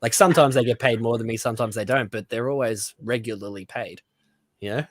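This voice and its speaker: A man's voice: mid-range voice, quick pace, dry recording. Slangy Australian man, dry sound. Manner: slangy and laid-back, tags remarks with "right?". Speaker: podcast guest. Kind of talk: casual podcast chat.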